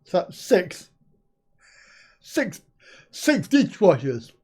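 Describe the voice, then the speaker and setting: A man's voice: high voice, huge pitch swings, extremely slow, a little mellow, slightly rough. An older man hosting a live stream, chatting casually, reading out viewer comments, swearing lightly and laughing often.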